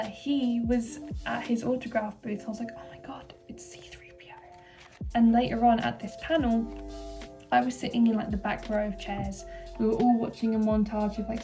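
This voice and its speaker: A young woman vlogging in casual chat, gushing with excitement and filling her talk with likes and ums. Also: on the high side, vocal fry, distant mic. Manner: excited, gushing, many fillers. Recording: voice set back from the mic.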